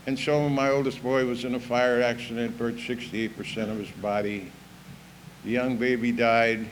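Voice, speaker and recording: An older man gives a personal recovery talk in a plain, down-to-earth voice. His storytelling is folksy and earthy, with a "you know" here and there. He speaks to a meeting hall, with a faint room hum behind him. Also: fairly low pitch. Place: evening recovery meeting hall, live audience.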